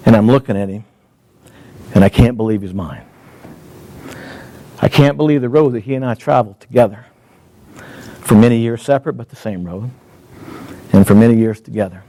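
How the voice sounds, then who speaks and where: A middle-aged man speaking to an audience as a motivational speaker, moderate in pitch. He tells a personal story in an earnest, heartfelt way, and he slows down for dramatic pauses. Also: warm tone.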